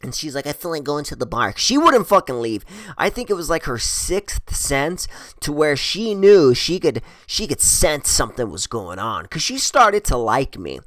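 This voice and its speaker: A man's voice: fairly high pitch, very animated, unhurried, a bit bright, no echo. A man telling a personal story in a casual, rambling way, swearing a lot and joking crudely. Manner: profane, rambling, crude humor.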